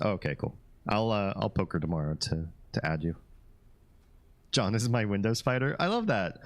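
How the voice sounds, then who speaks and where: A man hosting a live stream, chatting casually with viewers, reading their comments and laughing often. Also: low voice. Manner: relaxed, chatty, laughs often, reads chat aloud.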